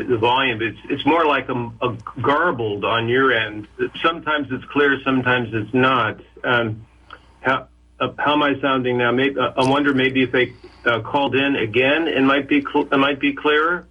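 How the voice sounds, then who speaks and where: A man calling in as a guest, chatting casually in a hesitant, halting way over a remote call line. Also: mid-range voice, dull audio. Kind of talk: casual chat.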